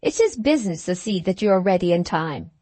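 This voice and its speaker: A woman voicing a stern, brisk middle-aged mother who speaks in a clipped, commanding way in a storybook reading. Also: fairly low pitch, very animated, dark tone, no echo. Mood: impatient.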